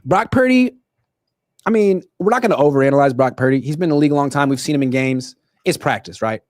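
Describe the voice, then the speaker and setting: A young man hosting a solo sports show, ranting in animated, quick bursts. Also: on the high side, dry recording, studio quality. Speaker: sports podcast host. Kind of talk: solo livestream commentary.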